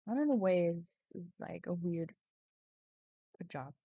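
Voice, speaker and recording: A woman's voice: fairly low pitch, animated, a little slow, warm tone, husky, no room sound, studio quality. A woman streaming an AI text adventure, chatting casually while she types, laughing at herself and reading story lines aloud. English is not her first language. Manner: self-mocking, laughs often, reads story text aloud. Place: home streaming setup.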